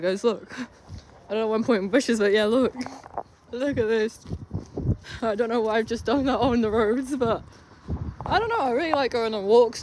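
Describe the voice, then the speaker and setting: A young woman rambles through a casual vlog, poking fun at herself as she walks around town. She talks into a handheld phone outdoors, with clear noise behind her. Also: fairly high pitch. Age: young adult. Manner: chatty, rambling, self-mocking. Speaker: vlogger.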